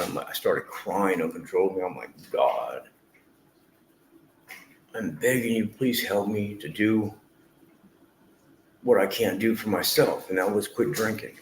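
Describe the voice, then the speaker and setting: A man who streams, giving a rambling, earnest and emotional personal testimony and swearing freely. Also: low voice. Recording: echoey room with faint noise.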